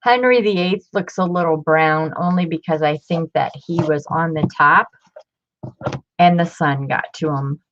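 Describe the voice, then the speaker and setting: A woman in her fifties, chatty and excitable, showing off old books in a casual vlog. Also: low-pitched, measured pace. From Ohio. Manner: chatty, excitable, muttering asides. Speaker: book collector vlogger. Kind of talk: casual show-and-tell. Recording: dull lo-fi home recording.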